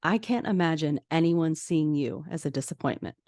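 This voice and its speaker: A woman reading the lines of a steady man who owns a diner, short and calm, in a low, dry voice. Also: normal speed, dry recording. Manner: calm, clipped and flat.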